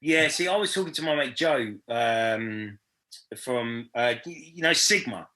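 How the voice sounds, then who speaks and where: Casting note: young male podcast host, very bright forceful tone, loose rambling delivery full of fillers and swearing. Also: medium pitch, animated, unhurried. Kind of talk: casual chat.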